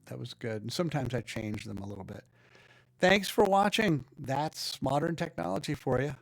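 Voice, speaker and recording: A man talks through his screen in a loose, rambling way, often starting a sentence over before he finishes it. His mid-pitched voice has a gravelly edge. The sound is dry and close, with no room around it. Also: brisk, no echo, soft background music. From United States. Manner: rambling, thinks aloud, restarts sentences. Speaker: audiobook narrator and video creator. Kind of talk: casual screen-recording walkthrough.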